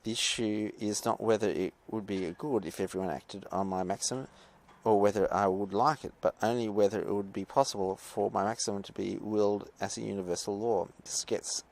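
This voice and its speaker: A man's voice: lowish voice, steady tone, normal speed, creaky, hardly any pauses, a little mellow. A male teacher giving a podcast lecture. He reads passages and comments on them in a rambling, hesitant way, with many fillers and asides.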